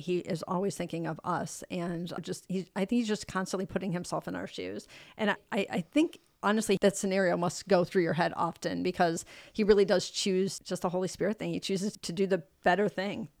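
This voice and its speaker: A woman in her forties, a podcast guest, speaking warmly and appreciatively about her husband. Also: lowish voice, creaky, no echo. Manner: warm, appreciative. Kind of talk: conversation.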